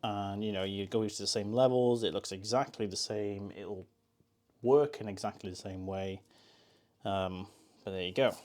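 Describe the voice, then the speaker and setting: A man's voice: lowish voice, moderate pace, darkish tone. A man chatting casually on a live stream, joking and answering chat while he makes coffee.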